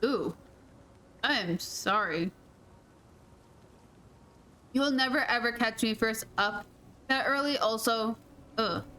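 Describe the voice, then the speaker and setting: High-voiced chatty woman streamer. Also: slow, long pauses, sharp tone, a little hiss or hum. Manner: chatty, laughs often, playful mild cursing. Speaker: game streamer. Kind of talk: casual gameplay chat.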